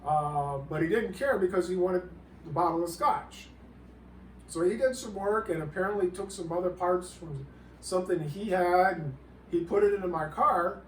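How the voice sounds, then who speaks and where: A man with a fairly high voice delivers a comedic monologue, rambling and halting and politely calling his listener sir. He sits well back from the microphone in a roomy, echoing space, with a faint ambient hum behind him. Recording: roomy, distant mic, faint background ambience.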